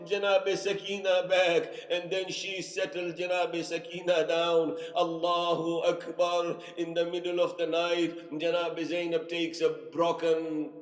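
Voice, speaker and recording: A man preacher narrating an emotional sermon, impassioned and repetitive, building to loud cries. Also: fairly high pitch, level tone, unhurried, hardly any pauses. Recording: echoey hall reverb.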